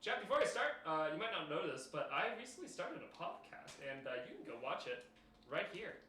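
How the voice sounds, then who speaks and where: Young male streamer, bright raised voice, meandering casual chat with fillers, echoey room. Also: a little high, sing-song, brisk. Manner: rambling, many fillers and restarts, addressing chat. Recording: roomy echo with faint noise.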